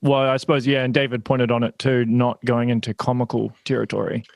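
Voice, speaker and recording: A man with a mid-pitched, gravelly voice hosts a casual podcast, asking questions and chiming in with quick agreement. His sound is dry and close, with no room echo. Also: flat delivery, darkish tone. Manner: chatty, quick agreeing interjections. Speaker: podcast host.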